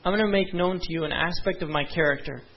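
A young man preaches a sermon as a pastor, earnest and conversational, with frequent asides to the congregation. He speaks fast in a fairly high voice, and the recording has a dull lo-fi sound.

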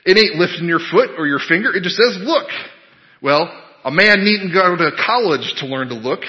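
A man voicing a plain-spoken country lay preacher who urges his hearers insistently, his voice rising toward a shout, in an echoey hall with a dull, lo-fi sound. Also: high-pitched, animated, moderate pace. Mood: urgent pleading. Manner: emphatic, repetitive, rising to shouting.

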